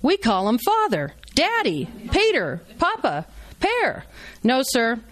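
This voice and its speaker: A woman's voice: high voice, huge pitch swings, slow pace, fairly bright tone, voice pushed up, exaggerated voice. A woman reading aloud as a brash, joking male surgeon who is teaching a procedure. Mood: teasing. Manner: blunt, wisecracking, instructive. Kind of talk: reading a novel aloud to a live audience.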